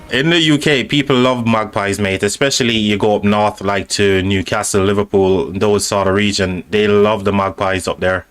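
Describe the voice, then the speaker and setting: A man's voice: lowish voice, steady tone, normal speed, few pauses, a bit bright, clean tone. A man with a British accent hosting a live stream, chatting casually and reading out viewer comments, friendly and calling people mate and buddy.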